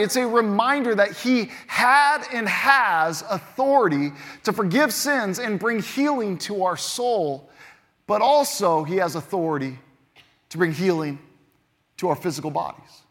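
A man's voice: high voice, unhurried, a bit bright. A man preaching a sermon as pastor, reading scripture aloud and building to emphatic points. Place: church sanctuary. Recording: long reverb of a church hall.

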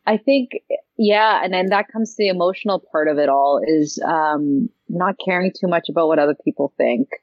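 A woman answering interview questions, telling stories in an animated way and acting out the voices she quotes. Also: fairly low pitch, moderate pace, no room sound, muffled recording. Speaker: TV host and interviewee.

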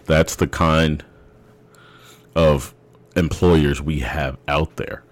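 Brief: young man, extremely low voice, casual rambling storyteller who restarts his sentences. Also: fairly even intonation, extremely slow.

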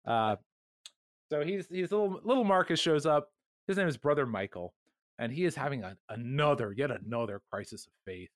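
A young man co-hosting a podcast, retelling a TV episode in casual chat and mocking the characters with quick put-on voices. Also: medium pitch, dry recording, studio quality. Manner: animated, acts out characters mockingly while retelling. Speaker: podcast co-host.

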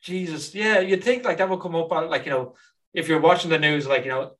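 Hesitant, rambling co-host. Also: male voice, fairly high pitch, fairly quick, fairly bright tone. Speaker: podcast co-host. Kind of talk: casual podcast chat.

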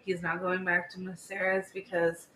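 A woman in her thirties, co-hosting a podcast in casual chat, telling stories in a chatty, animated way with many "like"s. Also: fairly low pitch, normal speed. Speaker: podcast co-host. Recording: echoey room with faint background hiss.

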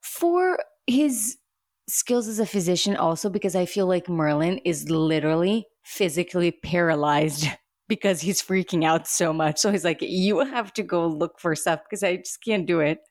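A woman co-hosting a casual recap chat about a TV episode, playful and joking with quick quips. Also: on the low side, animated, dry recording, clean studio sound. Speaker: podcast co-host.

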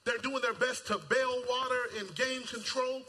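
Animated high-voiced preacher in a reverberant hall. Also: male voice, measured pace, slight background noise. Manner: animated, acts out voices, shouts at peaks; casual colloquial speech. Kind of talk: sermon. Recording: long hall reverb, faint ambience.

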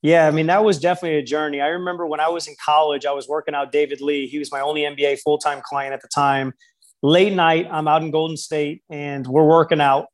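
Man, basketball skills coach, interview, storytelling, slightly high voice. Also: fast. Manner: storytelling, quotes people in lively voices. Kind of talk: interview conversation.

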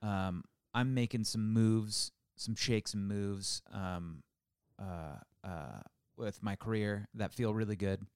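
A man's voice: lowish voice, slow pace, hardly any pauses, clear, resonant tone, no room sound, clean studio sound. A man in his thirties chatting casually and telling a story, with plenty of fillers and restarts. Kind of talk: casual chat.

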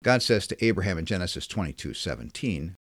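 A man reading a scripted Bible lesson in a measured, emphatic way. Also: low voice, very animated, fairly bright tone, no echo, clean studio sound. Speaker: Bible teacher.

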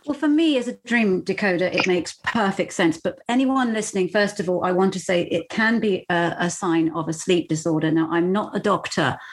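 A woman's voice: fairly low pitch, moderate pace, few pauses, a little hiss or hum. A woman working as a dream interpreter, explaining her views in a confident, explanatory way. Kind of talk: expert commentary.

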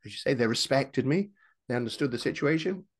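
Animated chatty man with lively pitch. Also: brisk. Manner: animated, restarts a lot, acts out quoted voices. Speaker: guest. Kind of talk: casual podcast chat.

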